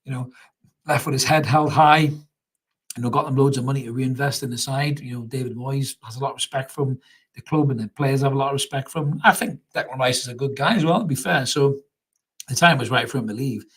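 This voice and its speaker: A man's voice: medium pitch, fairly quick, fairly bright tone, slightly rough. A young man hosts a live football reaction stream, chatting casually, laughing often and reading out viewer comments. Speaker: fan channel host.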